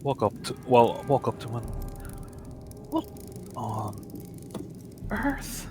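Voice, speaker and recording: Slow-talking man playing his character. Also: medium pitch, huge pitch swings, music in the background. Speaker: player. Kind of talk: in-character play in a tabletop game.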